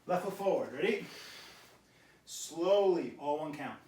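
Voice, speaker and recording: A man leads a karate workout, giving brisk tips and short barked commands. His voice sits a little high and carries through a roomy hall. He is picked up from a distance with faint background noise. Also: animated, warm tone. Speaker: karate instructor. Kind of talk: coaching a workout class. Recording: echoey room, mic far off.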